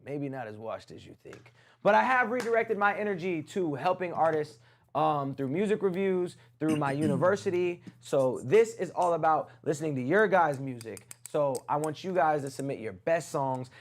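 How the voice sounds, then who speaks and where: A man's voice: on the high side, expressive, normal speed. A man hosting a casual music review livestream, teasing his chat in playful banter.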